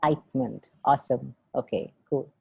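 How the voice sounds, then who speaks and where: A woman leading a group coaching call as facilitator, energetic and gushing, acting out the voices she quotes. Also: extremely low pitch, normal speed, gravelly, breathy edge.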